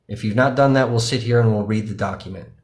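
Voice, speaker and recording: A man's voice: lowish voice, fast talker. A man, an independent livestream journalist, talking casually and profanely to his viewers, explaining things directly to them. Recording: roomy echo.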